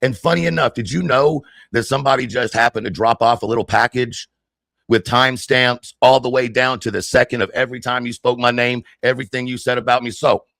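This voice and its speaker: A furious man rants into a close, dry microphone, hurling insults and challenges. His voice sits at an ordinary middle pitch. The delivery is confrontational and profane throughout. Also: creaky, a bit bright, dry recording. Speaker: livestreamer. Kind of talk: angry livestream rant.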